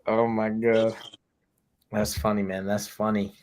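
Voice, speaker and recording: A man co-hosting a casual soccer fan podcast, telling jokey stories in an animated way and swearing freely. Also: fairly low pitch, measured pace. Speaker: podcast co-host. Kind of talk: casual chat.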